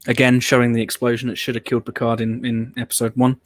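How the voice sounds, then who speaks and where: This watch-along host's reaction commentary comes in a quick, monotone, medium-pitched voice with no room sound. He chats casually and rambles, voicing blunt opinions and swearing now and then.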